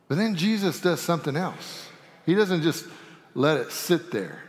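A man preaching a sermon as pastor, folksy and animated, with humorous asides. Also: a little high, unhurried. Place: church sanctuary. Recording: long sanctuary reverb.

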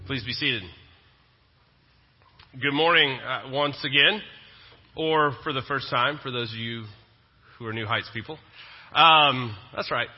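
Pastor, relaxed joking sermon, slightly high voice, dull lo-fi church recording with a long reverb. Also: male voice. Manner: conversational, joking asides. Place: church sanctuary.

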